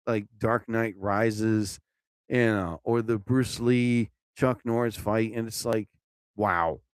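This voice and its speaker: A man hosting his own live show, rambling casually and exclaiming loudly as he talks. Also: mid-range voice, dry recording, clean studio sound. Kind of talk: casual live-stream monologue.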